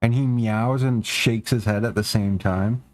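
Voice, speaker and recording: A man's voice: unhurried, a little mellow. A young man streaming a game, chatting casually and rambling, swearing a lot and talking to his cats. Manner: rambling, profane, talks to his cats in a high baby voice.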